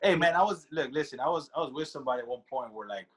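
A man on a talk show rambling through profane stories with quick laughs. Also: medium pitch, lively intonation. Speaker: podcast co-host. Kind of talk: crude casual chat.

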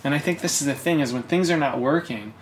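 A man co-hosting a podcast, ranting in casual chat, swearing often and rising into loud bursts. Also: medium pitch, fast talker, a little hiss or hum. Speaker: podcast co-host.

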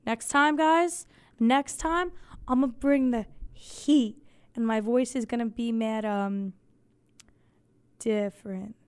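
Woman host losing her voice: soft, smooth and fairly high, rambling casual chat with deadpan swearing. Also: slow pace, long pauses. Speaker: podcast host.

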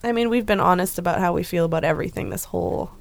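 A woman's voice: lowish voice, fast talker, gravelly. A woman co-hosting a podcast in casual chat, earnest and reassuring, at times exasperated. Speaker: podcast co-host.

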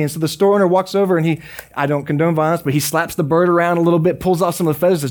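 A man preaching a sermon as a pastor, conversational and joking with quick asides. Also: on the high side, fairly even intonation, a little mellow.

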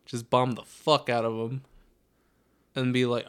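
A man's voice: mid-range voice, flat delivery, clear, resonant tone. Teasing, profane man in casual banter. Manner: profane, teasing, quick questions. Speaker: podcast co-host. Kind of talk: casual chat.

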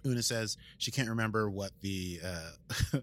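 A man's voice: lowish voice, measured pace, fairly bright tone. A man, a podcast host casually recapping an episode in a rambling, playful way. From United States. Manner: rambling, playful, adds sound effects. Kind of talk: casual chat.

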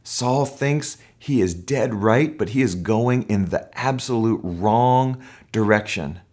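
A male pastor delivers a sermon in a somewhat low voice. He tells stories with animation, often slipping into short acted voices. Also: slow pace. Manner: animated storytelling, acts out voices.

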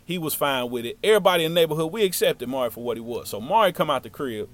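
A man telling a story from his childhood in a casual, slangy, animated way. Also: mid-range voice, quick pace.

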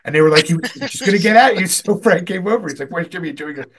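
Casual podcast guy, kinda high voice, swears a lot, rambles and laughs. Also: lively intonation, a crowd in the background. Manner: profane, rambling, quick to laugh. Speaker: podcast host. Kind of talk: casual storytelling chat.

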